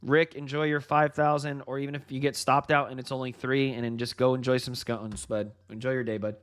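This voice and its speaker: A man hosting a live trading stream, giving excited market commentary and talking straight to his viewers. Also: mid-range voice, fairly quick, clear, resonant tone. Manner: excited, hyped, laughs often; addresses viewers directly with "guys" and "folks". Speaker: livestream trading host.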